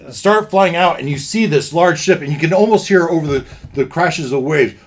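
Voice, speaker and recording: A man's voice: a little high, moderate pace. A man running a tabletop fantasy game as game master, describing scenes to his players.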